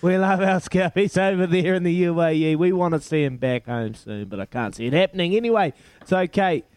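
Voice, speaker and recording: A man's voice: high-pitched, a little fast, a little mellow, smooth, dry recording. A man hosting a breakfast radio quiz, matey and jokey with callers. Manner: matey, jokey, laughs often.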